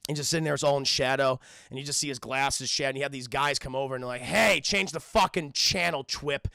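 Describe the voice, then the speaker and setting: A young man casually recapping a cartoon episode for a live stream chat, excitable, laughing often and tripping over his words. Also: medium pitch, rapid-fire, clear, resonant tone, no echo, studio quality.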